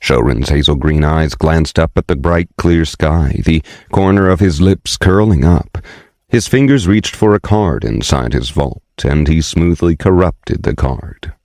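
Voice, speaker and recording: A man reads a fantasy audiobook in a steady, measured voice on a close mic. His voice sits very low, and the recording is dry with no room sound. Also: no echo. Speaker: audiobook narrator. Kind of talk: scripted audiobook narration.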